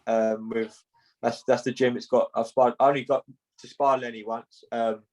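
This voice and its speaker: A young man, a boxer chatting casually in an interview, laid-back and halting, often saying "mate" between fillers. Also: medium pitch, level tone, a little mellow, low-quality recording.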